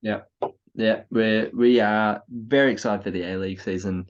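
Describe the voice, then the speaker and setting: Giggly and gushing after a few beers, this Australian co-host chats casually about football on a podcast. He has a lowish, steady voice at normal speed, captured in a slightly muffled lo-fi recording.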